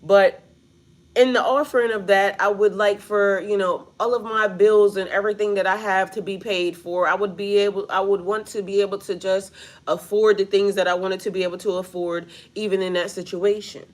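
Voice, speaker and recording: A blunt woman talks straight to her followers in a loose, casual spiritual reading. Her voice sits at an ordinary middle pitch, and she swears freely. She keeps leaning on "like" and calls her listeners "y'all". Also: steady tone, normal speed. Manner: blunt and profane, heavy on the word "like". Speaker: spiritual reader.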